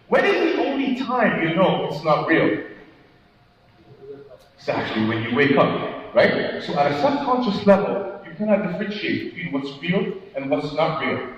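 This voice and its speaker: A high-voiced man delivers an animated motivational keynote, throwing questions at the audience and acting out what people say. His voice swings widely and rings through a big echoey hall, picked up from far away with a dull, muffled tone. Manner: animated, asks the audience questions, acts out quotes. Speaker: keynote speaker. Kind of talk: motivational conference talk. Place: large conference hall. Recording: echoey hall, distant mic, dull sound.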